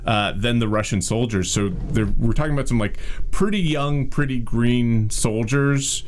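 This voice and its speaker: A man co-hosting a casual group chat on a stream, laid-back and halting with many fillers. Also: medium pitch, a little hiss or hum. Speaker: comedy troupe member, co-host.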